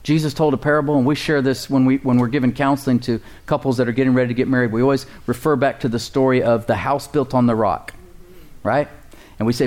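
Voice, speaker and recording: A man's voice: mid-range voice, a little mellow. A man preaching a sermon as pastor, conversational and joking, building up emphasis in places.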